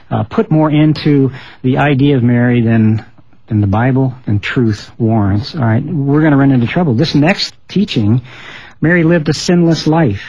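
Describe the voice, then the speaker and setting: A man hosting a faith discussion, measured and reading quotes aloud. His voice is a little husky, and the recording is dry and slightly muffled. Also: a little high, a little mellow, no echo. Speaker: host. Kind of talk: interview-style discussion, reading quotations.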